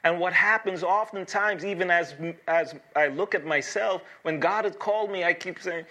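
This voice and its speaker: A pastor delivers an evening sermon with a bright, forceful tone and a slightly high voice. He preaches earnestly and emphatically, leaning on dramatic pauses and repeating key phrases for weight. His delivery rises and falls between urgent appeals and quiet, reassuring moments.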